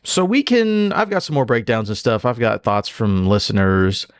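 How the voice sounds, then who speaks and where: A man's voice: fairly low pitch, expressive, normal speed, clean tone, dry recording, studio quality. A man hosting a casual gaming podcast, cracking jokes and reading off facts. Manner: joking, then reads facts off notes. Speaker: podcast host.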